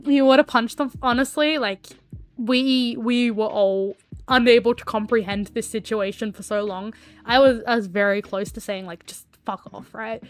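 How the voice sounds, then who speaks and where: A woman's voice: fairly high pitch, fairly even intonation, normal speed, faint music behind. A woman streamer telling a story casually while she draws, rambling with lots of fillers and swearing.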